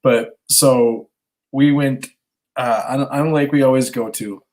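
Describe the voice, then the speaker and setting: A man's voice: mid-range voice, fairly even intonation, unhurried, a little mellow. A man in his thirties co-hosting a podcast, telling a story animatedly, acting out dialogue and swearing casually. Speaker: podcast co-host, stay-at-home dad.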